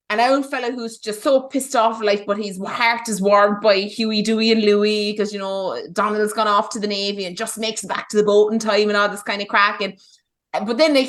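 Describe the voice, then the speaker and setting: A woman with a nasal voice, gushing enthusiastically as a podcast co-host. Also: on the high side.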